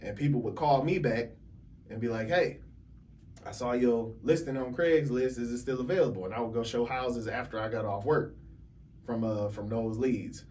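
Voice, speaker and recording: Guesting on a podcast as a realtor, a lively man spins a casual story, laughing a lot and acting out other people's lines in a medium-pitched voice at a moderate pace. His mic is placed a little far away, and faint background noise can be heard.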